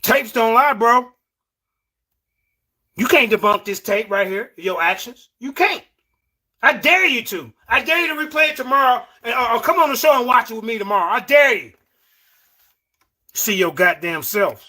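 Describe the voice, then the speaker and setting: A man hosts a heated livestream debate. His voice sits very high and sounds bright and forceful. He scolds his guest and repeats words to hold the floor. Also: lively intonation, normal speed, pauses often. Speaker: show host.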